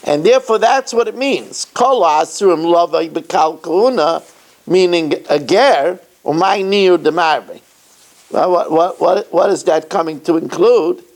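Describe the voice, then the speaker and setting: Male rabbi, daily Talmud lesson, gravelly with fry, reads then explains in an animated way, a bit winded. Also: sits high, a little slow. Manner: reads Aramaic phrases, then explains them in English; animated teacher with playful asides. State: a little winded.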